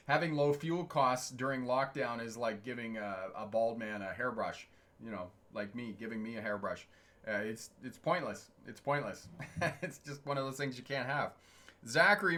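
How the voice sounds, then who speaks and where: Middle-aged guy doing a chatty livestream, bright voice, rambles through old stories, laughs a lot. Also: medium pitch. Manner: chatty and digressive, chuckles often. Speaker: truck driving instructor and channel host. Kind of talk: casual livestream storytelling, reading chat comments.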